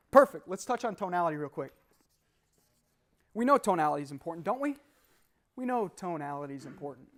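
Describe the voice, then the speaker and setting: Lively young man giving a seminar talk. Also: on the high side. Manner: animated, laughing, quizzing the audience. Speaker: motivational speaker. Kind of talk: live seminar talk to an audience.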